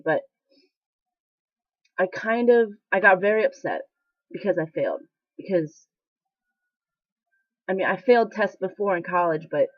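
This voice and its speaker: A woman's voice: fairly low pitch, no room sound. Candid young woman vlogging. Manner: candid, rambling, emotional, with frequent fillers. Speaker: military trainee vlogger. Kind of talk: casual confessional vlog. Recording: dry, slightly dull lo-fi sound.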